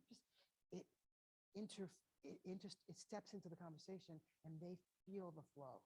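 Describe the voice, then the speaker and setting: A man's voice: on the high side, a little mellow. A man giving an earnest lecture to parents, stressing his points by repeating them and acting out short quoted exchanges. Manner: earnest, emphatic, repeats key phrases; acts out little quoted exchanges. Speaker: guest educator speaking to parents. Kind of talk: motivational lecture with slides.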